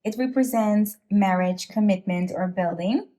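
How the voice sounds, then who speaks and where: A woman giving an emotional pick-a-card tarot reading, sighing and halting with many restarts as she speaks to her viewers. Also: mid-range voice, mellow. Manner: speaks directly to viewers, calling them you guys. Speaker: tarot reader.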